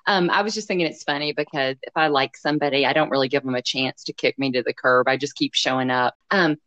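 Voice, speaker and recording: Low-voiced woman talking earnestly. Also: fast talker, a bit bright, no room sound. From Canada. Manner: reflective, earnest, with stammering restarts. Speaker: running coach. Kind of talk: casual chat. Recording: dry, slightly dull sound.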